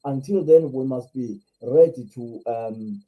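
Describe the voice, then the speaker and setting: A man's voice: medium pitch, a little slow, dark tone, rough recording. A Zimbabwean man hosting a live stream, speaking with passion, repeating himself and firing off rhetorical questions. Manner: impassioned, repetitive, rhetorical questions. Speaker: live show host.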